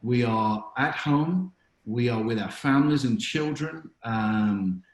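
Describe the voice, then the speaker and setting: A man working as a chaplain talks in a podcast interview, reflective and anecdotal, with frequent fillers. His voice sits at an ordinary middle pitch. The recording carries a noticeable room echo. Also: animated, slow pace. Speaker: chaplain and author, podcast guest. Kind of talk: conversational storytelling interview.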